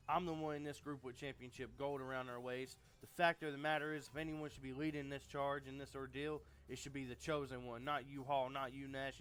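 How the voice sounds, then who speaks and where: A man's voice: mid-range voice, fairly bright tone, clean tone, natural voice. A man voicing a cocky male wrestling champion, indignant and boastful, close to his own voice.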